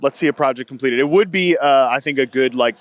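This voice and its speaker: A man's voice: medium pitch, quick pace. A man hosting a casual sports betting podcast, rambling and often repeating words as he thinks. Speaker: podcast host. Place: radio row event floor.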